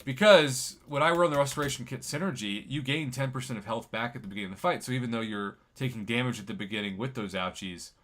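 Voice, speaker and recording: Bright-voiced joking male game streamer. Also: medium pitch, fast, few pauses. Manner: jokey, chatty, reads viewer comments aloud. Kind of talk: casual live-stream chat.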